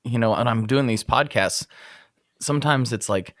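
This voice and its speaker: A man's voice: mid-range voice, moderate pace, fairly bright tone, no echo, clean studio sound. A man hosting a casual podcast conversation, rambling and self-deprecating, laughing often. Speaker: podcast host.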